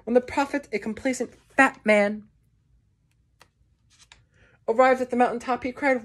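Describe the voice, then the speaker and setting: A woman giving a measured poetry reading, with slow, deliberate phrasing and long pauses. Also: on the high side, steady tone. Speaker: poetry reader.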